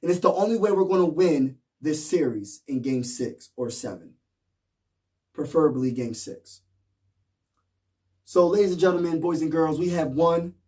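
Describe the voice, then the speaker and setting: A man's voice: fairly high pitch, dark tone, distant mic. Hyped fan man, a bit off-mic. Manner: repetitive, rallying, slangy. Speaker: sports fan vlogger.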